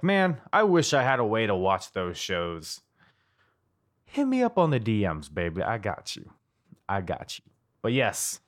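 Tipsy American podcast host, loose and profane, lively swinging pitch. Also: male voice. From United States. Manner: loose, swearing, jokey and rambling. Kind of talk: casual podcast chat.

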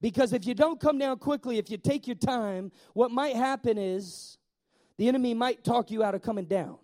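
A man preaching a sermon in a lively way, asking the congregation questions and slowing down to stress key words. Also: extremely high pitch. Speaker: pastor.

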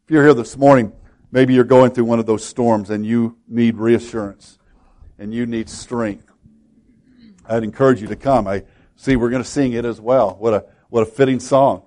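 A man preaching a sermon and leading a prayer, earnest, often repeating words and dropping to a hush for emphasis. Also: mid-range voice, fairly even intonation, moderate pace. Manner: earnest, repeats words, swings between loud and hushed. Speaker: pastor.

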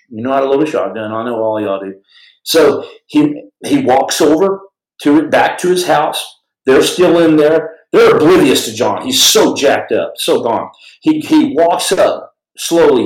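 A man with a drawl spins a story for his podcast listeners, dropping his voice for quoted speakers and breaking off to address his audience. His voice sits in an ordinary middle pitch. The recording carries a noticeable echo from the room. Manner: dramatic, shifting voice for quoted people, frequent restarts and asides to listeners. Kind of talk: animated spoken storytelling.

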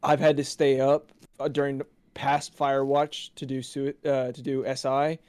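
Heated young man, flat delivery. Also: mid-range voice, normal speed, smooth. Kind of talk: casual chat.

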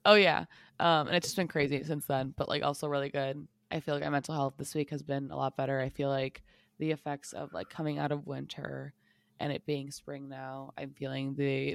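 A young woman co-hosts a casual podcast, her voice low and edged with fry. She rambles through her story with fillers and frequent laughter. The sound is dry and close. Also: dry recording. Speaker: podcast co-host. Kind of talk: casual chat.

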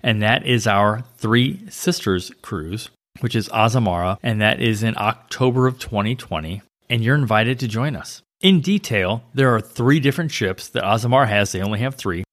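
A man co-hosting a travel podcast as a travel agent, chatting casually with lively storytelling. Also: fairly low pitch, moderate pace. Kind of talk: casual chat.

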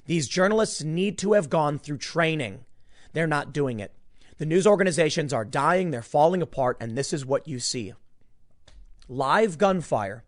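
A man delivers an opinion rant as host of his own show. His voice sits a little high, and his delivery is emphatic and exasperated. He often restarts and repeats words as he gets worked up. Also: animated, moderate pace. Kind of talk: ranting opinion commentary.

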